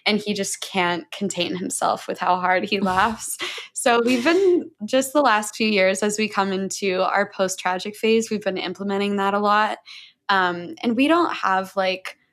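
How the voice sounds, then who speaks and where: A woman speaking as a guest on a conversational podcast. She talks candidly and with animation, swearing freely and breaking into laughter. Her voice sits at an ordinary mid pitch. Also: unhurried, a bit bright. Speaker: podcast guest, breathwork mentor.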